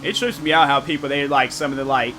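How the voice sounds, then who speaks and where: A young man streaming games, chatting casually with his viewers and telling animated, slang-filled stories. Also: medium pitch, fast talker, background noise. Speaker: gaming streamer.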